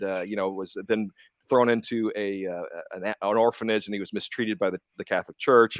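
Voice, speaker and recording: A man's voice: lowish voice, fairly bright tone, no echo. A man, a comics writer and publisher, talking candidly in a casual interview with frequent restarts and some swearing. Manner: candid, profane, stumbling restarts.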